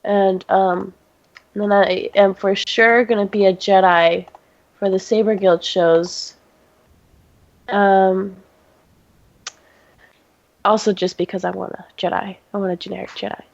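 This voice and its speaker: A teenage girl co-hosting a casual chat, sick and coughing, giggly and halting with lots of restarts. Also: mid-range voice, steady tone, gravelly, no room sound, muffled recording. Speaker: podcast co-host.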